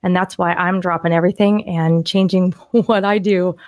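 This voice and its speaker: A woman co-hosting a podcast, excitedly walking through property deals on screen in a casual, rambling way with frequent restarts. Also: lowish voice, normal speed, no echo. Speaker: podcast co-host and land investor. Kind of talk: casual screen-share deal walkthrough.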